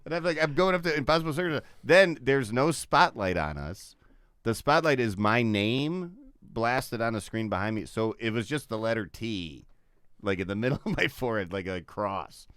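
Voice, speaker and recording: A man's voice: mid-range voice, fairly bright tone, smooth, dry recording, studio quality. A man, a comedian guest, telling a story casually on a podcast, swearing freely, laughing often and acting out other people's lines. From Chicago area.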